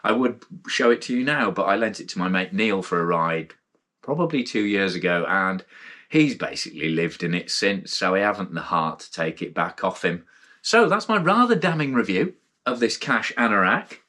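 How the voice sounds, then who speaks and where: A man's voice: fairly low pitch, animated, moderate pace, sharp tone. A man with a British accent hosting a casual spoken gear review, frank and rambling, with blunt asides and frequent restarts. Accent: British English. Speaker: mountain bike gear reviewer, channel host.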